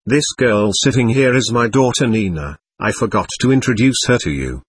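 A man's voice: on the low side, expressive, normal speed, slightly rough, no echo. A man doing a bitter, clowning shabby captain. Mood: bitter irony. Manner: ironic, self-abasing rambling.

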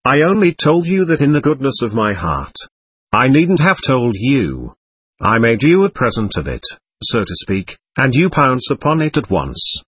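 A man's voice: medium pitch, sing-song, normal speed, a bit bright, a little hiss or hum. A man voicing a proud, defiant accused man. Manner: bitter, proud and scornful. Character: proud, defiant young man under questioning. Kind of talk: audiobook character reading.

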